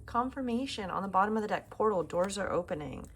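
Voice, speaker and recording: A woman giving a casual tarot reading to camera at home, chatting and musing aloud and often dropping to a soft near-whisper. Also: mid-range voice, animated, fast, a little hiss or hum. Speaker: tarot reader. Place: home room.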